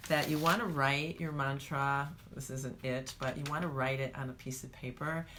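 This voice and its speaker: Low-voiced woman guiding a meditation. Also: normal speed, noisy background. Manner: calm, coaching, talks straight to the viewer. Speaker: meditation teacher. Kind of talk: guided meditation talk.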